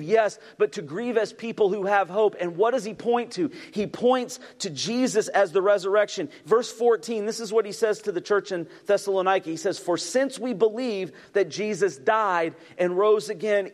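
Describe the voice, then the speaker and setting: Man, pastor, lively sermon delivery with audience call-outs, high voice, long hall reverb. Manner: animated, asks the audience to respond.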